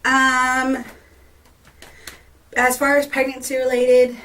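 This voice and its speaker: A woman's voice: high voice, completely flat delivery, slow pace, bright, forceful tone, recorded from a distance. Chatty woman vlogging, a bit off-mic. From Texas. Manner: chatty, laughs often, many fillers. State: short of breath. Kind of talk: casual pregnancy update vlog.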